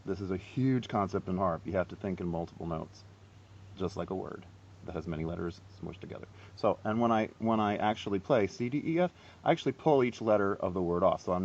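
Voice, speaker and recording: A man's voice: low-pitched, vocal fry, a little mellow, dull audio. A man giving a casual, rambling harp lesson, chatty and self-deprecating. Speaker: harp teacher. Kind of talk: casual instructional video.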